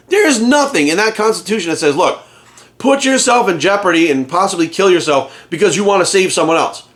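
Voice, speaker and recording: A man's voice: on the high side, a bit bright. Angry, profane man ranting. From United States. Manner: heated, profane, rhetorical questions. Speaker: fitness coach and channel host. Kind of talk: angry rant to camera.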